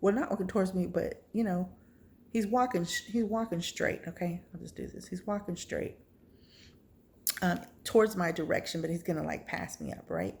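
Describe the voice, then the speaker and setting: A woman's voice: lowish voice, normal speed, creaky, a little mellow, slight background noise. A woman vlogger telling a personal testimony story, acting out her reactions with gasps.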